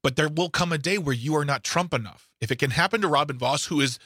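A man's voice: on the high side, fast, bright, forceful tone, breathy edge, no room sound, clean studio sound. A man co-hosting a talk radio show, speaking in a sarcastic, opinionated way and often stumbling over and restarting his words. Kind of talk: casual opinionated radio chat. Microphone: studio microphone.

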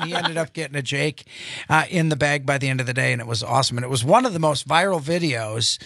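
A man hosting a radio talk show, telling stories in a lively, animated way. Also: mid-range voice, fast, creaky, dry recording, studio quality. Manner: animated storyteller, acts out voices.

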